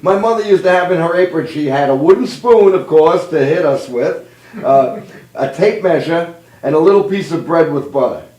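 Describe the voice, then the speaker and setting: A man's voice: on the high side, expressive, moderate pace, darkish tone, distant mic. A man in his fifties hosting a comedy show, telling old jokes and family stories and laughing at his own lines. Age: 50s. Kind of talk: stand-up joke telling. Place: live streamed show room. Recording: roomy, away from mic.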